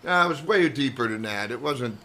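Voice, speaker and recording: An older man, a comedian guest, telling a story in casual chat and lively acting out the people in it. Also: mid-range voice, brisk. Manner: animated anecdote teller who acts out quoted voices.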